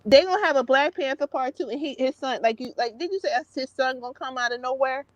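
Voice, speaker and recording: A woman's voice: high voice, fast talker, highs cut off. A woman with a New York accent in a casual late-night chat, talkative and opinionated, laughing easily.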